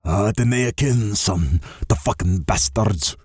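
A man voicing a stern older Scottish clan father who speaks gruffly and bluntly, swearing as he gives orders. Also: fairly low pitch, measured pace, a little mellow, dry recording, clean studio sound. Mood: gruff, commanding.

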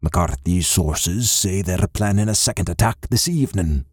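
Man voicing a gruff old Scottish clan father. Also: sits low, moderate pace, no echo, clean studio sound. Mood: gruff, commanding. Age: older. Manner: gruff, blunt, swearing.

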